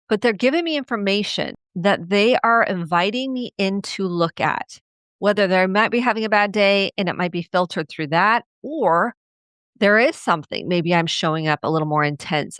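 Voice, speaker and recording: Earnest woman therapist, smooth dry voice. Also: a bit bright, no room sound. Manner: earnest, reflective, acts out quoted parents in a higher voice. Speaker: podcast host and family therapist. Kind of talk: solo podcast teaching.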